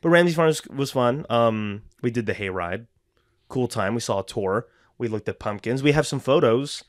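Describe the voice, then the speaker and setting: A man's voice: medium pitch, lively intonation, moderate pace, no echo, clean studio sound. A man in his twenties hosting a casual podcast chat, rambling and self-mocking, with lots of restarts. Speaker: podcast host. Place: indoor home studio.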